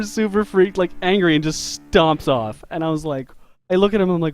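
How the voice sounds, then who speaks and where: A man's voice: high voice, moderate pace, soft background music. Easygoing man chatting on a live stream. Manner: chatty, laughing often, loose restarts. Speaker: game developer and artist streaming live. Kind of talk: casual storytelling while drawing on a live stream.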